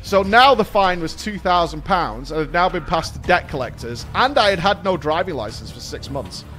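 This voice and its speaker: A young British man, a streamer, casually telling a story to his chat, animated, swearing and laughing at himself. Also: fairly high pitch, normal speed, soft background music.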